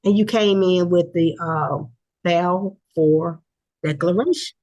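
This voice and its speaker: An older woman, teaching in a casual, earnest way that rambles, pauses and corrects itself. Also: lowish voice, mellow, highs cut off.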